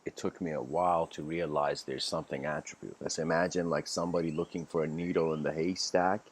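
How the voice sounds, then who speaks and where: A man's voice: a bass voice, steady tone, fast talker. A man giving a casual livestreamed spiritual lecture, telling a story in a rambling way with many fillers and restarts. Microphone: home livestream mic.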